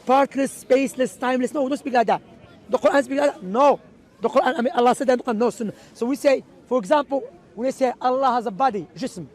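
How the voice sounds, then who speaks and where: Man preacher, very high voice, emphatic street talk, faint crowd behind. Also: fast. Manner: emphatic, asks rhetorical questions. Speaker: Islamic preacher. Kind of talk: outdoor street talk on theology. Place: outdoors in a city.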